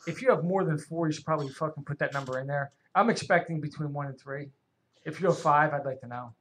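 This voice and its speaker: Fast, profane radio co-host telling stories. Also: male voice, a little high, slight background noise. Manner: profane, rambling, animated storyteller. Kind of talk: casual chat, crude storytelling.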